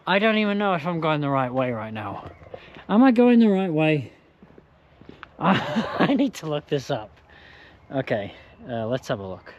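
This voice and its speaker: A man's voice: fairly high pitch, very animated, muffled recording. A man vlogging outdoors at a campsite, a bit drunk and hiccuping, rambling and mocking himself as he talks to a handheld camera. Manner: rambling, self-mocking, slow and loose. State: tipsy with hiccups. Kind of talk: casual vlog monologue.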